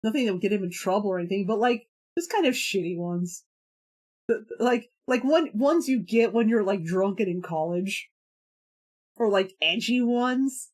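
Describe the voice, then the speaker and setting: A woman talks to her stream in a relaxed, rambling way, her voice sitting at a middle pitch. She fills gaps with "like" and "um" and breaks into laughter often. It sounds like an unscripted live chat. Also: moderate pace.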